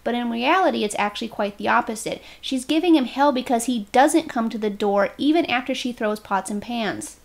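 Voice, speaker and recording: A woman's voice: on the high side, fairly quick, creaky, few pauses. A woman, a commentary YouTuber, reading a scripted narration aloud and openly taking sides as she goes. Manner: opinionated, openly takes sides in her narration.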